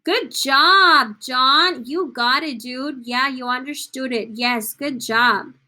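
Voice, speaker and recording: Slow, bright-voiced woman teaching a class. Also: high-pitched. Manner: encouraging, praising students by name; slips between English and Spanish. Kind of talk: online class lesson.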